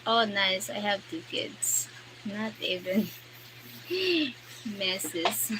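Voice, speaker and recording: A woman's voice: medium pitch, big pitch swings, very slow. A young woman with a Filipino accent chatting casually on a live stream, greeting and thanking viewers by name and mixing Tagalog with English. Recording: noisy background.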